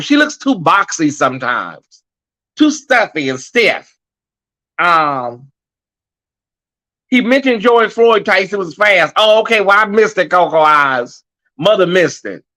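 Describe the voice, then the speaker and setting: A sassy man hosting a live stream, with a high voice that rides well above most men's. His tone is bright and forceful. He chats loosely and calls his audience y'all and honey. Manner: sassy and chatty, addresses viewers as y'all and honey. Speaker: host of a live online commentary show. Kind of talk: casual live-stream commentary.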